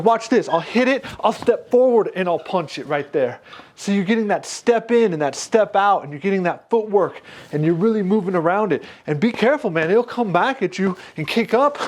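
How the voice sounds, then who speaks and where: High-voiced man demoing a punching bag. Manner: energetic, punctuates moves with 'boom' and 'pop'. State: slightly out of breath. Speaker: fitness instructor. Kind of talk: product demo while training.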